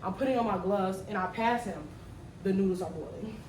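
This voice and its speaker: A woman in her twenties telling a slangy, animated story while she cooks in her kitchen. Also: medium pitch, fairly quick, slight background noise. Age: 20s. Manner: animated, slangy, swings loud when retelling. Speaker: vlogger. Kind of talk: storytime vlog while cooking. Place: home kitchen. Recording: echoey room, mic at a distance.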